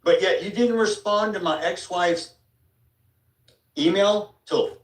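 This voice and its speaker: A father speaking angrily to school officials, bitter and accusing, heard from a distance in a large meeting hall. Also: slow. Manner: bitter, accusing, low and heavy delivery. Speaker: father addressing a school board. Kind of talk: angry public speech. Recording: echoey room picked up from a distance.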